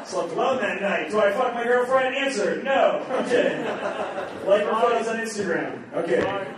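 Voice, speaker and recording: A man from New England works a comedy club stage with a brash, crude delivery, trading jabs with hecklers. His voice sits high for a man. The set is recorded from a distance in an echoey room, with a crowd laughing loudly behind him. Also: expressive, normal speed. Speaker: standup comedian. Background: audience laughter and heckling.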